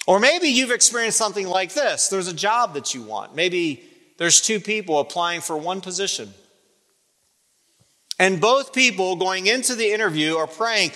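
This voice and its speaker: A man preaching a sermon, telling a story from his own life and acting out the other person's lines with big jumps in pitch. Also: lively intonation, moderate pace, bright, forceful tone. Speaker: pastor. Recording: long hall reverb.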